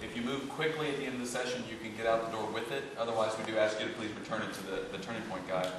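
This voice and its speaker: A man's voice: fairly low pitch, fairly even intonation, rapid-fire, background noise. A man with a Texan accent giving a conference presentation in a folksy, joking way, with many fillers. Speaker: law school technology director. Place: conference session room. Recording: echoey conference room.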